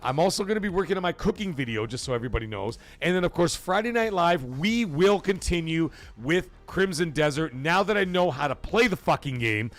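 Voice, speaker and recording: A man hosting a late-night livestream, excitable and swearing a lot, getting out of breath as he swings from loud outbursts to low mumbling. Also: a little fast, hardly any pauses. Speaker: livestream host. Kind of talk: casual late-night stream chat.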